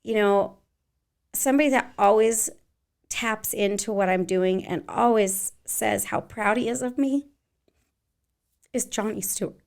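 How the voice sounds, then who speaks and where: A woman's voice: medium pitch, unhurried, creaky, long pauses, a little mellow. A woman in her forties, a dance teacher, chatting casually as a podcast guest, rambling with many fillers. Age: 40s. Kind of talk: casual interview chat.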